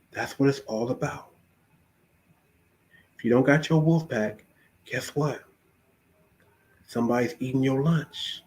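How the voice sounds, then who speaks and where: A male podcast host who talks like a street preacher, urging his listeners on and repeating each phrase for weight. His voice is pitched in a middle range, with nothing unusual to it. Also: unhurried, long pauses, darkish tone. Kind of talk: casual preachy podcast talk.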